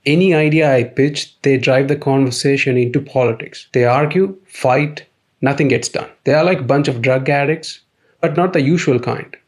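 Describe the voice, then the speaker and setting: A man talks in a dry, deadpan way. His comic monologue is sardonic and matter-of-fact. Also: mid-range voice, moderate pace. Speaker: comedy series narrator.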